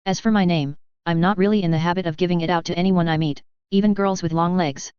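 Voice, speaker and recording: A cocky male spirit talking through a house cat, as a narrator puts him on in a showy TV British accent. He teases and grumbles sardonically, in a smooth, dry and slightly dull recording. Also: mid-range voice, steady tone, quick pace, no echo, close to an everyday voice. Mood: grumbling. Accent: put-on TV British.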